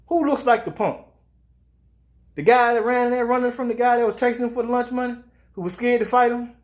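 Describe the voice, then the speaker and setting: A fired-up man rants about boxing, swearing freely. His voice sits high for a man. He keeps slipping into mocking put-on voices for the people he quotes. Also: fast talker. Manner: profane, animated, acts out quoted voices. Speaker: sports show host. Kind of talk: heated boxing commentary rant.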